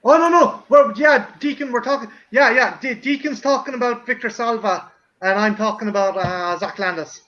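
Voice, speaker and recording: A man hosting a casual watch stream, loud and sweary, laughing a lot. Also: very high-pitched, moderate pace, highs cut off. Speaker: stream host.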